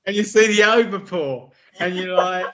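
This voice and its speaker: An enthusiastic male interviewer fires off casual questions, laughs often and fills the gaps with "uh" and "like". His voice sits a little high. The audio is dull and lo-fi. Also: normal speed, noisy background. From United Kingdom. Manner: enthusiastic, laughs a lot, filler-heavy questions. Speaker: interviewer, host.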